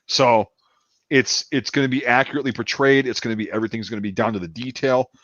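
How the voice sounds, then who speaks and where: A man's voice: mid-range voice, fairly even intonation, fast talker, fairly bright tone, dry recording, muffled recording. A man with a Midwestern American accent in a casual livestream chat, repeating words as he builds each point.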